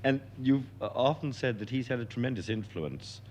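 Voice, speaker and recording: A man's voice: mid-range voice, lively intonation, moderate pace, darkish tone, slight background noise. Man politely interviewing a guest. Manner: polite, encouraging questioning. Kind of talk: interview questions.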